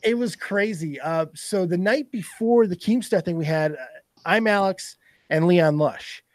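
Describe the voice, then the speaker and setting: High-voiced man telling profane stories. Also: measured pace. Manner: profane, animated storytelling. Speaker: podcast guest. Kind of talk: casual podcast chat.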